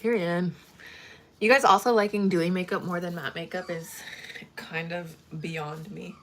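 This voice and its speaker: A woman's voice: fairly low pitch, fairly even intonation, measured pace, fairly bright tone, a little hiss or hum. A woman chatting casually on a live stream from home, cooing at her dogs in a baby voice. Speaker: streamer doing makeup. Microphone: phone. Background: dogs barking and whining.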